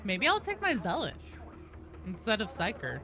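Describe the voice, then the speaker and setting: A young woman streaming a game, chatting casually and greeting viewers with bursts of excitement. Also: medium pitch, normal speed, music in the background. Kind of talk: casual gaming stream chat.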